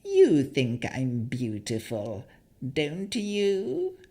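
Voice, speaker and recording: A woman's voice: very deep voice, wildly swooping pitch, drawn-out words, warm tone, voice pushed up, full character voice. A male narrator voicing a mad, filthy female hag who pleads and shrieks in erratic, rambling bursts. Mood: wheedling. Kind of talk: audiobook character voice.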